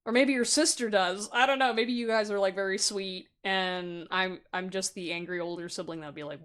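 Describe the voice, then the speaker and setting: A young adult woman giving a casual pick-a-card tarot reading, chatty and excitable, breaking into loud laughs. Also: medium pitch, moderate pace, few pauses. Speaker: tarot reader.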